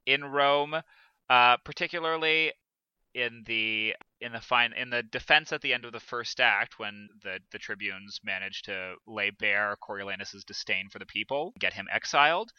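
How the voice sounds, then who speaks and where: A man's voice: mid-range voice, moderate pace, bright, forceful tone, smooth, dry recording. A man co-hosting a podcast, talking through a theatre production in a casual, hesitant way, with many restarts. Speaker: podcast co-host. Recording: dull dry lo-fi sound.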